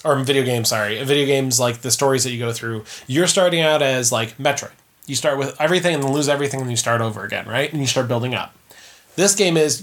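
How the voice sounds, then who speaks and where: A young man co-hosting a casual podcast chat, animated and swearing freely, acting out his own reactions as he talks. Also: medium pitch. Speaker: podcast co-host.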